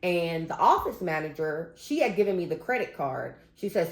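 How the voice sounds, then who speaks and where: A woman's voice: lowish voice, expressive, normal speed, few pauses. A grown woman talking straight to her viewers, venting in emphatic casual commentary. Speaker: vlogger. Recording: roomy echo.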